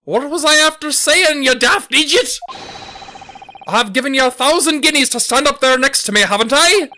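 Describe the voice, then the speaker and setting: A streamer reading game dialogue aloud, voicing a flamboyant, boastful rich gentleman in a put-on Irish accent. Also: mid-range voice, lively intonation, moderate pace, a little hiss or hum, pitched above the performer's own voice, lightly acted. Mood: scolding. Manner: grandiose, indignant, theatrical.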